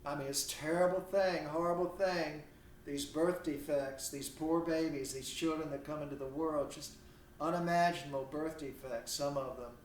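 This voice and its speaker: A man's voice: a little high, fairly even intonation, moderate pace, far from the mic, a little hiss or hum. A man teaching a literature class online from home, talking in a conversational, digressive way and leaning hard on key words. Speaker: literature instructor. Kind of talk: recorded online lecture. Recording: roomy, off-mic home recording.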